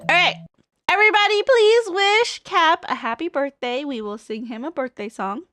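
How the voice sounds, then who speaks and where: Woman, streamer, casual chat, quite high-pitched, talks while eating, music behind. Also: normal speed, fairly bright tone.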